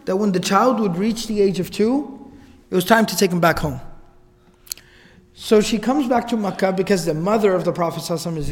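A man with a high voice tells a story as a casual, chatty lecturer. His speech rings with the long reverb of a hall. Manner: casual, conversational retelling with asides. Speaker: religious lecturer.

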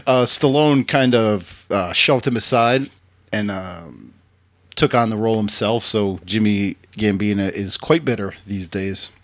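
A man's voice: lowish voice, measured pace. Man, podcast host, casual chat, laughs often. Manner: laughs often, animated recaps.

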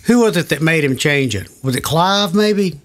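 A man's voice: on the high side, animated, moderate pace, a bit bright. An older man recalling past recording sessions in an oral history interview, rambling and searching for names.

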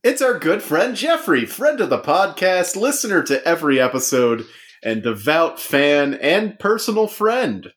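A man's voice: on the high side, sing-song, unhurried, a bit bright. A man hosting a casual comedic podcast, joking around and putting on a sportscaster-style intro voice. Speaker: podcast host. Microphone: remote call recording.

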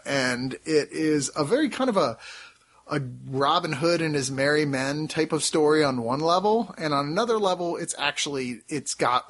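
A man's voice: medium pitch, a bit bright. A man hosting a casual film review podcast, rambling and laughing often, swearing freely. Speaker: podcast host reviewing films. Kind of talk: casual chat.

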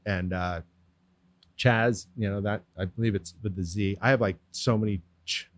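A man's voice: lowish voice, steady tone, moderate pace, dry recording, clean studio sound. A man as a podcast guest, telling stories in casual, slang-heavy chat with lots of swearing. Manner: laid-back slangy storyteller, heavy swearing.

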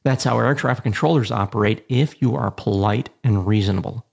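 Gravelly-voiced man teaching pilot radio procedure. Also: fairly low pitch, brisk, darkish tone. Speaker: aviation radio communication instructor, podcast host. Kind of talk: scripted educational narration.

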